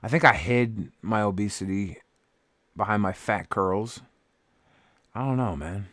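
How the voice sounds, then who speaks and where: A man with a lowish, fairly bright voice speaks unhurriedly, with no echo in the recording. He's chatting casually on a live stream, tired and grumpy, rambling, swearing and making himself the butt of his jokes.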